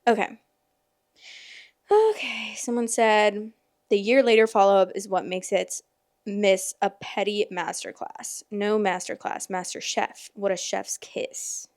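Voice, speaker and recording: A woman's voice: medium pitch, steady tone, a little slow, darkish tone, no echo. Chatty woman on a dry close mic. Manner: chatty, filler-heavy, exclamatory. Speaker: podcast host reading stories. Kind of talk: casual chat and reading aloud.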